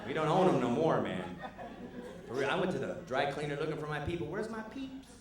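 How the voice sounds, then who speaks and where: A middle-aged man doing a stand-up comedy set, animated and quick to jump into put-on voices. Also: a crowd in the background. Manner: animated, jumps into high put-on character voices. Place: comedy club stage. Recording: distant mic in a loud echoey club.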